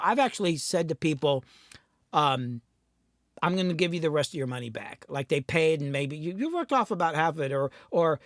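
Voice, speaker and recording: A man's voice: a little high, no echo, studio quality. Blunt, profane middle-aged man chatting live. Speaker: host, recording engineer and producer. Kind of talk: casual livestream chat.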